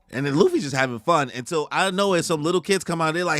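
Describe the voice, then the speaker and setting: A man hosting a live manga reaction who talks in a casual, slangy, excitable way. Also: fairly high pitch, fast talker, few pauses, dry recording, clean studio sound, faint music behind. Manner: slangy, excitable, goes off on tangents.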